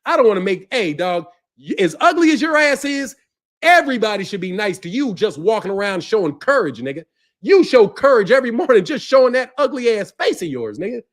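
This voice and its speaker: High, lively mocking man ranting. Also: brisk. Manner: profane, mocking, laughs often. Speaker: boxing channel host. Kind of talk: ranting commentary.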